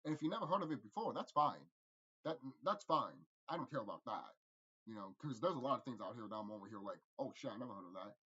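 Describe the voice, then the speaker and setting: A man rambling through a casual movie review, profane and animated, laughing often. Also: mid-range voice, fast talker, slightly rough, highs cut off.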